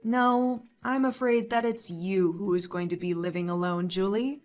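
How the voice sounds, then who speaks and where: A woman voicing a calm, pregnant young wife who answers her sister-in-law with dry sarcasm, in a dramatized story. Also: medium pitch, moderate pace, soft background music, close to an everyday voice. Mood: cool. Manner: cool, composed, dryly sarcastic. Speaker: voice actor.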